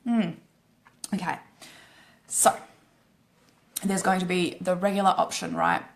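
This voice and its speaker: A woman coach with an Australian accent giving a blunt, casual live-stream pitch, swearing freely and tagging her points with "right?". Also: fairly even intonation, measured pace.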